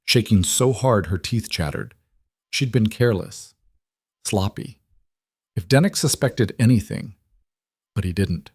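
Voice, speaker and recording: Low-voiced male story narrator. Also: no room sound, studio quality. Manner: steady, measured storytelling. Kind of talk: scripted narration.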